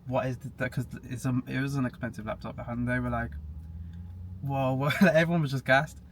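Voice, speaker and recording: A man's voice: mid-range voice, fairly even intonation, brisk. A young man chatting casually as a podcast guest, matter-of-fact and laughing at himself now and then. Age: young adult. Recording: faint background hiss.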